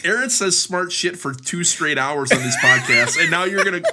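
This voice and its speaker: Man, podcast co-host, excitable, teasing, loud background noise. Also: sits high, normal speed. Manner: excitable, teasing, laughs while talking. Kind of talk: casual podcast chat.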